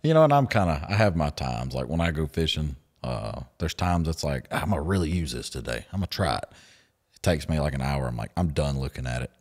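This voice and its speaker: A man hosting a podcast, telling stories in a lively, laughing way and acting out what others said. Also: a bass voice, brisk. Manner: animated storyteller, laughs often, acts out quotes. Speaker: podcast host. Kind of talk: casual storytelling chat.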